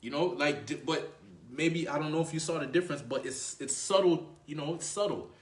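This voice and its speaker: A man's voice: fairly high pitch, a little fast. A man giving dating advice as a coach, talking loosely and profanely, full of "you know" and "right?". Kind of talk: casual talking-head coaching. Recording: echoey room.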